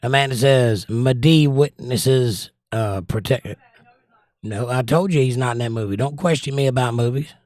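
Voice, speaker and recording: A Southern American man chats casually on a livestream, reading out viewer comments and answering them with confident, opinionated takes. His voice sits at an ordinary middle pitch. The sound is dry and close, with no room echo. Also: moderate pace, a little mellow. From Southern United States. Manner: opinionated, chatty, recommends movies with strong takes. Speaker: livestream host.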